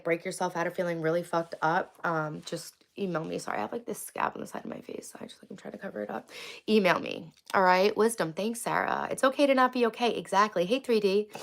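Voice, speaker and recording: A woman's voice: mid-range voice, vocal fry. A woman hosting a casual livestream, answering viewers' chat in a candid, rambling way, encouraging them and swearing freely. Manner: encouraging, affectionate toward viewers. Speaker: livestream host.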